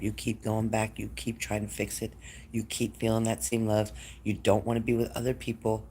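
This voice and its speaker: On a live stream, a psychic reader gives readings, calling his viewers by name and becoming emotional as he goes. His voice is fairly low, and there's a little hiss or hum in the audio.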